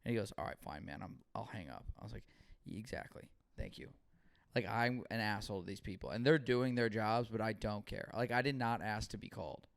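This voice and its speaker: A young man co-hosts a podcast, chatting casually and telling stories full of swearing and acted-out dialogue. His voice is lowish, creaky, and brisk.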